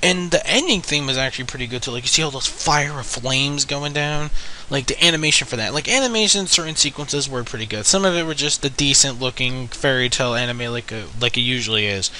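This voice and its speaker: A man's voice: medium pitch, a little fast, pushed and bright, a little hiss or hum, poor audio. A young man casually reviewing an anime episode, rambling with many fillers and frequent swearing.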